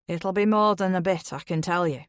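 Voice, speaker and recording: A woman voicing a gruff male taxi driver with an Irish accent in an audiobook thriller. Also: on the low side, normal speed, dry recording, clean studio sound, natural voice. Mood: blunt, matter-of-fact.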